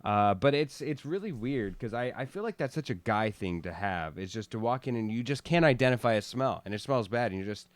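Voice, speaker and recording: A man's voice: medium pitch, expressive, a little fast, few pauses, no echo. A man co-hosting a casual podcast, joking and teasing his co-host as they chat.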